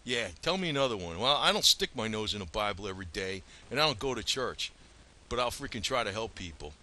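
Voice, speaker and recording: A man's voice: lowish voice, big pitch swings, brisk, pushed and bright. A man ranting angrily in a home vlog, profane and rambling, swinging between outbursts and muttered asides. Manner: profane, heated, rambling rant. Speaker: vlogger.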